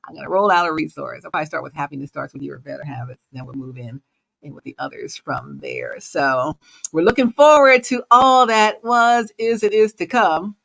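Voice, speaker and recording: A woman hosting her own show, talking through a casual motivational monologue with lively swings in pitch and loudness and frequent laughter. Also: moderate pace, vocal fry. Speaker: host.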